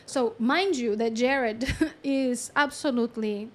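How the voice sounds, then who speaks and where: A woman channeling a story in a chatty, animated way, with lots of fillers and frequent laughs. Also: fairly high pitch, slow pace. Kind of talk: casual storytelling.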